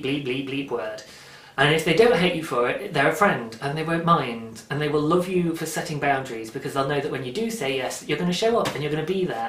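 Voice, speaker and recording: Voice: medium pitch, fairly bright tone. A podcast host talking casually on their own, earnest and encouraging, often restarting sentences. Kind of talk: casual solo podcast monologue. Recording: roomy, distant from the mic.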